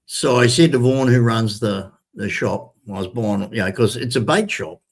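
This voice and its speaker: Older aussie bloke rambling to his viewers, middle-pitched voice, keeps saying ladies and gentlemen. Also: moderate pace. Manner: chatty, repetitive, addresses viewers as ladies and gentlemen. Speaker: vlogger. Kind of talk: casual storytelling to camera.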